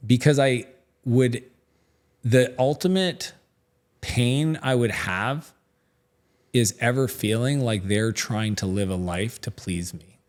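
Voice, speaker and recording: A man's voice: medium pitch, slow pace, long pauses, a little mellow. A middle-aged man speaking as a guest in a casual interview, telling stories in a chatty way with lots of fillers and acted-out dialogue. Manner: chatty storytelling, many fillers, acts out quoted dialogue.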